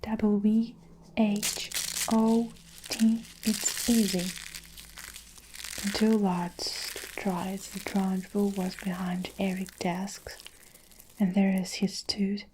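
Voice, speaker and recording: A woman narrating a children's story in a whispered role-play as an ASMR storyteller, slow and hushed. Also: mid-range voice, noisy background.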